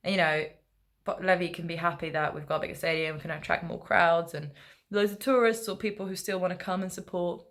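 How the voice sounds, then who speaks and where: A young woman chatting into her vlog in a relaxed, rambling way, stopping often for fillers and asides. Her voice sits on the low side with a gravelly edge. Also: fairly quick. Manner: rambling, laid back, many fillers. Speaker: football fan vlogger. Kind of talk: casual vlog chat.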